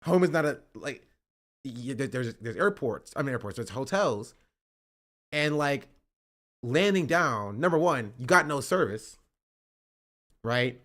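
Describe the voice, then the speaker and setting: An American man is streaming and telling a travel story in a rambling, casual way, regularly asking "right?" and "you know?" His medium-pitched voice is expressive and a little bright. He talks a bit slowly and leaves long pauses.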